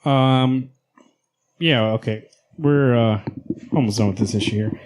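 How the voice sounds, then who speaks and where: A man's voice: on the low side, steady tone, normal speed, darkish tone, slight background noise. A man co-hosting a comic book podcast, casually recapping panels with laughs and asides. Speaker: podcast co-host.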